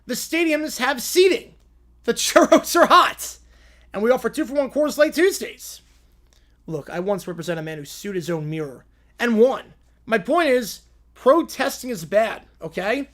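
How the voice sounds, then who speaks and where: A man's voice: animated, normal speed, a bit bright. Man doing Lionel Hutz, a sleazy cartoon lawyer. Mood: smarmy. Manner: sleazy, nervous salesman pitch. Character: sleazy incompetent male cartoon lawyer, desperate.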